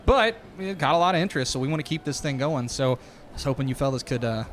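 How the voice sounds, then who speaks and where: A man's voice: medium pitch, animated, fast, a little hiss or hum, lightly acted. A man voicing a sweaty, overeager male event promoter with a bad fake Texas accent, in a tabletop game. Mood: salesy. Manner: loud, overeager, glad-handing. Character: sweaty male event promoter with a combover, pushy salesman type.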